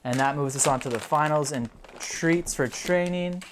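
A dog owner hosting a casual video, giving a puppy quick commands and upbeat play-by-play commentary. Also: mid-range voice, a little hiss or hum.

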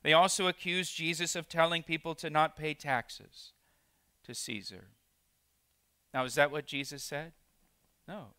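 Bright, crisp-voiced man preaching. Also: fairly high pitch, no echo. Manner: acts out quoted voices, repeats words when restarting. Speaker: pastor. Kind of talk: expository sermon. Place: church sanctuary.

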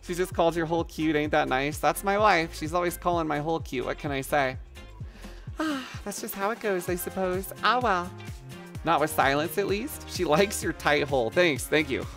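A woman livestreamer with a lower-pitched but lively, bouncing voice, chatting casually, teasing her viewers and giggling at her own crude jokes. Faint music plays underneath her talk. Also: moderate pace.

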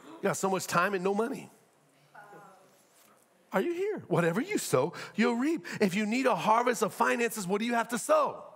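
Male pastor, middle-aged, high and animated preaching voice, lots of rhetorical questions. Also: moderate pace. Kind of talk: sermon.

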